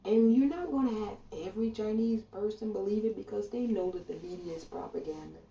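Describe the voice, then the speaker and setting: Addressing her audience head-on, a woman political commentator rants about politics with blunt, profane indignation. Her voice is dark, gravelly and mellow down low, fairly quick, captured from a distance off-mic in a roomy, echoing space with the highs cut off.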